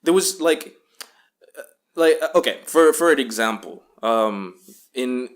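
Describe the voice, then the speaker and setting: A man's voice: mid-range voice, lively intonation, a little slow. A man from Bahrain, a guest on a podcast, chatting casually, laughing often and trailing off with fillers. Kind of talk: casual chat.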